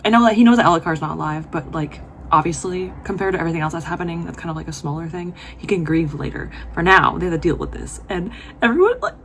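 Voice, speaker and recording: A woman's voice: on the low side, animated, fast talker, a little hiss or hum. Emotional woman vlogger reading aloud. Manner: emotional, gushing reactions with laughs and whispered asides. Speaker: book vlogger. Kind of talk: casual reading vlog, reading passages aloud.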